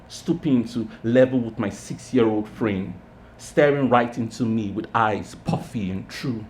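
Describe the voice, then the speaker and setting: A man at a pub open mic reading his own short story in a measured, literary way. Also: on the low side, a little hiss or hum. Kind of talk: reading fiction aloud. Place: pub stage.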